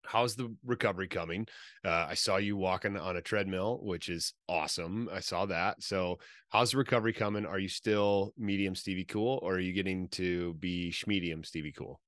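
Low-voiced male co-host, relaxed and upbeat, dry close mic. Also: moderate pace, no echo. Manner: upbeat, easygoing, laughs often. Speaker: podcast co-host. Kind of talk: casual podcast chat.

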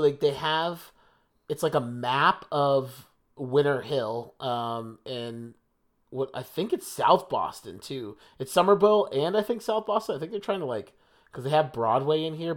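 A man's voice: fairly high pitch, lively intonation, normal speed. A young man from New Jersey co-hosting a podcast, chatting casually and rambling with lots of fillers and restarts. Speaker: podcast co-host. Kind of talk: casual chat.

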